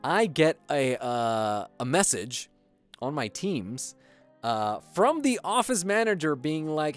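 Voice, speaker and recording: Slow-paced but very animated, this mid-range voice belongs to a US streamer chatting over soft background music. While building on stream, they ramble through a profane story, cursing and leaning on lots of fillers.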